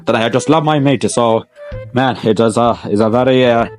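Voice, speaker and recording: A man's voice: mid-range voice, fairly quick, a little mellow, faint music behind, lightly acted. A man putting on a crude, boastful male pro wrestler in a comedy skit, rambling and stammering over his words. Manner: rambling, stammering, repeats words, laughs at own jokes. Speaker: parody interview guest.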